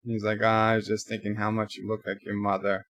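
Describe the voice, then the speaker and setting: A man's voice: fairly low pitch, completely flat delivery, fast talker, a bit bright, dry recording. A man giving a casual live reaction to a TV episode, retelling the plot with quoted lines and offhand asides. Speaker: show reviewer.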